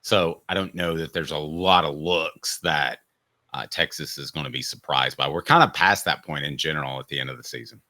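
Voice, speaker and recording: A man's voice: extremely low pitch, a little fast. A middle-aged man hosting a casual sports podcast, joking and teasing his co-host. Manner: jokey, teasing, animated.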